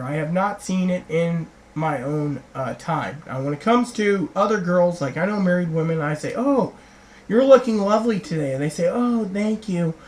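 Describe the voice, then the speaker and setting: In a rough recording with faint background hiss, a middle-aged woman with a fairly low voice gives a long, wandering vlog response to viewer comments. She retells conversations, acting out what other people said.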